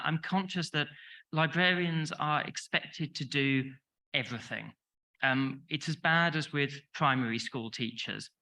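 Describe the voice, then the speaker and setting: A man's voice: fairly high pitch, bright, forceful tone, low-quality recording. A man with a London accent gives a chatty, self-deprecating conference talk, short on sleep and full of restarts. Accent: London English. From England. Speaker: conference speaker. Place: conference hall.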